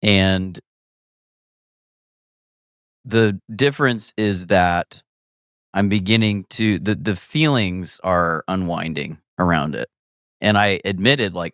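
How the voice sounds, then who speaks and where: Recorded with studio quality and no room sound, a man with a low voice speaks at a measured pace, pausing often. As a guest comedian in a candid, casual chat, he rambles reflectively, restarts his sentences, laughs a lot and animatedly quotes himself.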